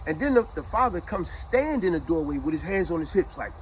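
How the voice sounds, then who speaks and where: Brief: middle-aged male vlogger, conversational and animated, slightly high voice, light background noise. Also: fast talker, hardly any pauses, poor audio. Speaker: vlogger telling a childhood story. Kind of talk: casual storytelling to camera.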